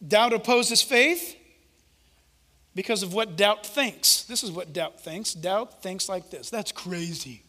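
A male preacher giving an animated, conversational sermon and acting out the quotes he tells. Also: high-pitched, slow. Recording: echoey hall reverb.

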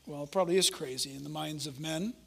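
A male preacher giving an animated, conversational sermon and acting out the quotes he tells. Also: a little high, fast talker, gravelly, breathy edge. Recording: echoey hall reverb.

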